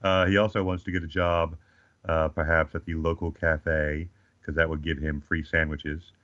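A man's voice: extremely low pitch, flat delivery, moderate pace, fairly bright tone, no room sound. A man in his forties with an Australian accent, telling comic stories in a casual chat as a guest, with a dry joking manner. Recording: slightly dull lo-fi sound.

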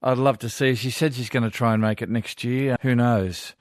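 A man's voice: mid-range voice, fairly even intonation, a little fast, dry recording, clean studio sound. An older Australian man hosting a radio show, reading listener letters with chatty asides. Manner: warm chatty asides, chuckling.

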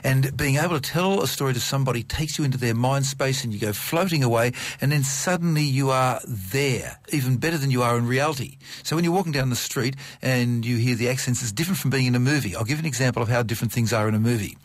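A middle-aged man talking science on radio, animated and piling up vivid examples. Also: mid-range voice, fast talker, few pauses, no echo. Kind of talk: enthusiastic radio science chat. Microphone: studio microphone.

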